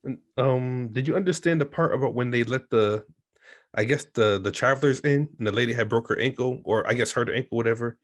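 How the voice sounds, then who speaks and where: A man's voice: mid-range voice, brisk. A man co-hosting a podcast in casual chat, laid-back and joking, mostly giving short replies. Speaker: podcast co-host.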